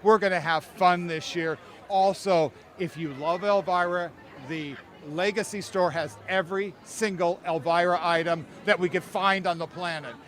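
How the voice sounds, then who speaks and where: A man with a high, bright voice is talking in an outdoor interview at a theme park. He pitches merchandise excitedly and scattershot, circling back over the same points. A handheld mic is held close to him. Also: normal speed. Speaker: merchandise staff. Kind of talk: casual interview.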